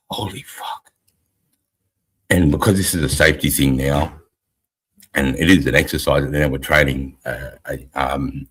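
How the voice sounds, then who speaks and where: A middle-aged Australian man with an extremely low voice and a heavily husky, raspy tone. He tells an army story bluntly and swears freely, like a veteran hosting a casual live chat. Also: a bit bright, rough recording. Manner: profane, blunt war-story telling.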